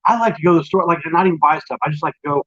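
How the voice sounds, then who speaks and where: A man's voice: fairly high pitch, very fast, fairly bright tone. A man co-hosting a casual late-night chat show, rambling and laughing often. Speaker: podcast co-host. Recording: lo-fi dull sound.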